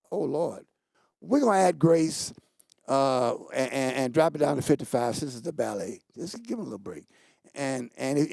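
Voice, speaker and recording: On the studio set of his church talk show, this pastor and host delivers casual announcements with playful energy, trading jokes with the crew. His voice has vocal fry and animated leaps in pitch, recorded dry.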